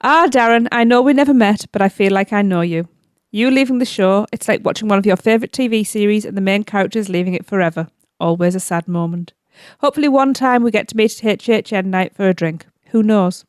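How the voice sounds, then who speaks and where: A woman's voice: mid-range voice, a little fast, clean tone, no echo, studio quality. A woman co-hosting a podcast, reading out listener farewell messages in a sympathetic way. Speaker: podcast co-host.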